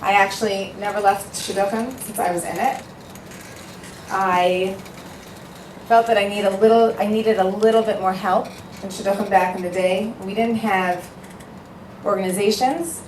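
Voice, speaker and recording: At an event hall before a live audience, a matchmaker gives an earnest speech in a mid-pitched voice at normal speed with fairly even intonation. She is emphatic and heartfelt, telling stories and repeating points for effect, picked up from a distance in an echoey room with light noise.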